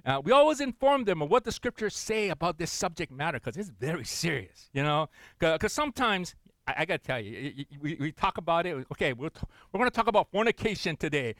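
A man's voice: fairly high pitch, big pitch swings, fast, a bit bright, dry recording. A middle-aged man preaching a sermon as pastor, talking in a loose, conversational way full of fillers and repeated words.

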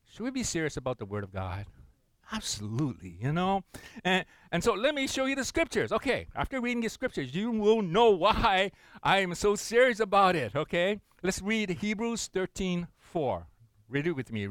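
A man's voice: fairly high pitch, sing-song, normal speed, fairly bright tone, no room sound. A middle-aged man preaching a sermon as pastor, talking in a loose, conversational way full of fillers and repeated words.

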